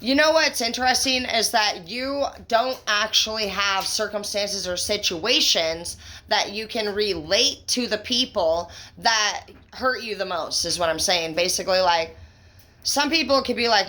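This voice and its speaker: Woman, tarot reader, bright forceful voice, excitable, profane, emphatic, pet names, casual fillers. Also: mid-range voice, unhurried. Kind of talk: tarot reading vlog addressed to viewers.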